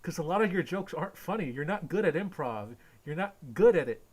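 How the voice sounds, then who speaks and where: Brief: male reaction host, slightly high voice, constant cursing, mocking rant. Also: lively intonation, fairly quick, a little mellow, husky. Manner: ranting, mocking, swears constantly, laughs at clips. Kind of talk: profane reaction commentary. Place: home computer setup.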